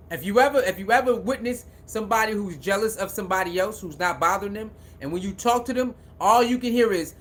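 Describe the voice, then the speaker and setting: A man's voice: high-pitched, expressive, fairly quick, hardly any pauses, a bit bright. A man hosting a casual sports live stream, repeating himself often and talking back to viewers in the chat.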